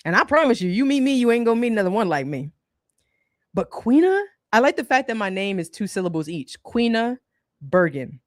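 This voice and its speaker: A woman's voice: a little high, sing-song, fairly quick, dry recording. Casual woman livestream host, dry close sound. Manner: conversational, colloquial, laughs often.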